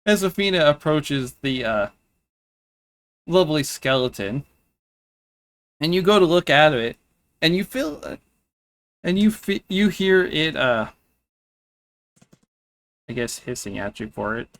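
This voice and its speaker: A man running a tabletop game as game master, narrating haltingly with many restarts. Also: on the high side, very animated, fairly bright tone. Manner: halting, restarts often, laughs between lines.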